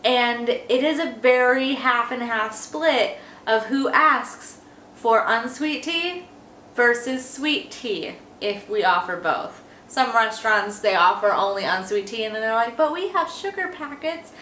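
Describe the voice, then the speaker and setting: A woman's voice: fairly high pitch, unhurried, pushed and bright. A young woman vlogging to camera in a chatty, opinionated way, talking straight to her viewers. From Texas. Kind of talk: casual chat to camera. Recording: echoey room with faint background noise.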